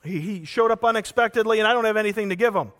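A man preaching a sermon, telling a parable with lively acted-out voices and earnestly urging his listeners with repeated questions. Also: high-pitched, very fast. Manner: animated storytelling, acting out characters in the parable.

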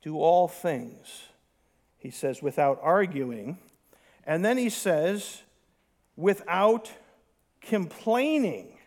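High-voiced, animated male preacher. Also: drawn-out words, long pauses. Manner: animated, sarcastic asides, mocking complainers' voices. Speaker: pastor. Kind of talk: sermon.

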